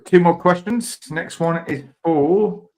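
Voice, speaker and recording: A man's voice: on the high side, takes it slowly. A man hosting a casual online quiz, rambling and teasing his panel. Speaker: quiz show host.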